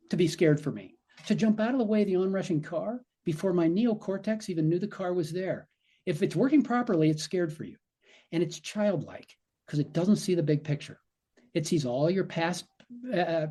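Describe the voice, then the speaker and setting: A man with a mellow, slightly husky voice explains things in conversation as a physician guest. He slips into quoted asides to voice what the brain might be saying. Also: high-pitched.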